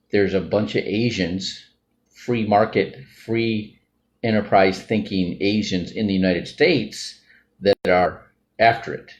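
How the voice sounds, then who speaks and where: A low-voiced man shares his views as part of a financial group, rambling unscripted and often ending lines with "right?" or "all right?". The audio is dull, with a little hiss or hum.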